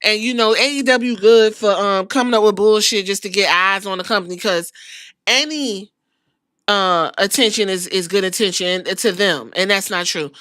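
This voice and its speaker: A woman hosting a podcast, ranting in casual commentary with an incredulous, profane, animated manner. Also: mid-range voice, moderate pace, no room sound, clean studio sound. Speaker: podcast host.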